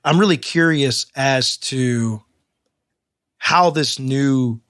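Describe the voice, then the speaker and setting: A man co-hosting a podcast in casual chat, talking in stammering restarts and getting animated as he makes a point. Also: mid-range voice, takes it slowly, no room sound, studio quality. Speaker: podcast co-host.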